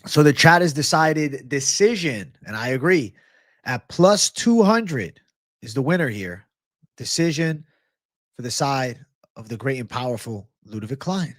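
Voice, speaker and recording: A man's voice: mid-range voice, animated, measured pace, dry recording. A man hosts a live betting stream from a small room, talking casually and with plenty of hype. He swears freely and reacts aloud to his chat. His mid-range voice sounds dry and close to the mic. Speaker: livestream host giving betting picks.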